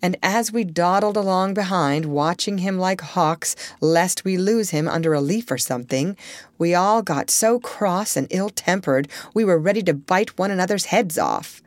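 A woman reading a children's storybook aloud as narrator, expressive and lively in her storytelling. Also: on the low side, moderate pace, no room sound. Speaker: audiobook reader.

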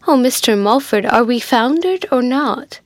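A pompous, flustered older widow, voiced by a woman reading a novel aloud. She talks in a raised, higher voice with fussy dignity, and the sound is dry and close. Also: animated, a little slow, dry recording. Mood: alarmed.

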